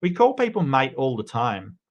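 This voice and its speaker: A man's voice: mid-range voice, sing-song, normal speed, lo-fi sound. An Australian man hosting a casual livestream, chatting loosely with many restarts and greeting viewers by name. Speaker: livestream host.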